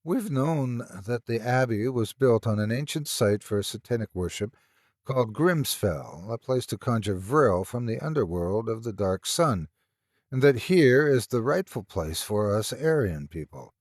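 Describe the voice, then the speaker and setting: A man narrating a story in a measured, expressive storytelling style, close to the mic. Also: medium pitch, no echo.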